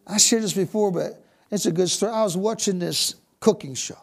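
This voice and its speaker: American guy preaching, kinda gravelly, goes from whoa glory shouts to whispers. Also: high voice, fairly quick. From United States. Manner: exclamatory, bursts of shouted praise and sudden hushed whispers. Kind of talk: sermon.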